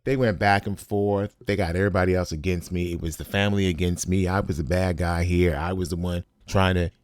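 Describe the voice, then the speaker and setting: A man with a very low, deep voice tells a personal story as a podcast host. He speaks bluntly and emphatically and swears freely. The recording is dry and close, with no room sound. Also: steady tone, brisk, no room sound.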